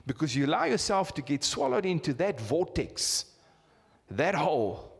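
A South African man in his fifties preaches in a church hall with a long, ringing reverb. His voice sits fairly high and swings widely as he fires repeated rhetorical questions at the congregation. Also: very animated, moderate pace, vocal fry, slightly rough. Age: 50s. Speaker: pastor. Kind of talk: sermon.

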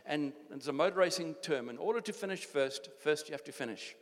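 An older man with a South African accent preaches to his congregation, pressing his point through repeated phrases and frequent restarts. His voice sits somewhat high for a man. Long reverb from the church hall trails each phrase. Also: lively intonation, brisk. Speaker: pastor. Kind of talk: sermon.

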